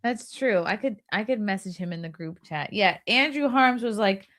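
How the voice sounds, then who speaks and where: A woman hosting a podcast in casual panel chat, bubbly and teasing, quick to laugh. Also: medium pitch, animated, a bit bright. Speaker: podcast host.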